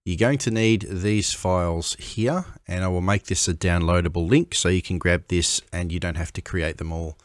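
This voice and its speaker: A man making a game-editing tutorial, explaining in a measured, step-by-step way with pauses. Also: sits low, fairly even intonation, no echo, studio quality. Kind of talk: screen-recorded software tutorial.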